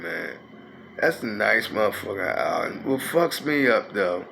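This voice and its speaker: A man's voice: medium pitch, creaky, pushed and bright, slight background noise. A man, telling a rambling, profane street story in a casual way. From North Philadelphia. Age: 50s.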